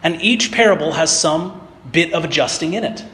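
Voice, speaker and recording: A fairly high-voiced man preaches, retelling old parables in a loose, conversational storytelling manner. His voice rings out with a long, echoing reverb around a big hall. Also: normal speed, fairly bright tone. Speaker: pastor. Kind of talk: sermon.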